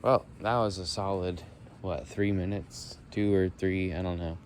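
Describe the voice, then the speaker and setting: A young man musing and thinking out loud as he walks outdoors through leaves. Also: low-pitched, steady tone, a little slow, a little hiss or hum. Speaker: vlogger. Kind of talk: rambling walk-and-talk monologue.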